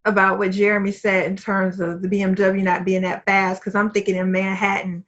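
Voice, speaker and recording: Bright-voiced woman chatting on a call. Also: mid-range voice, level tone, brisk, muffled recording. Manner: chatty, laughs easily. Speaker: podcast co-host. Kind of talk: casual movie discussion. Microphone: home computer mic on a video call.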